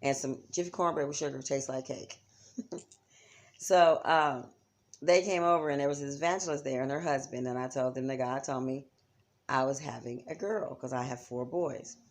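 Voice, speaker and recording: A woman with an extremely low-pitched voice speaks at normal speed. As a psychic teacher, she gives a chatty, casual instructional talk on spiritual practice, often checking in with her listeners.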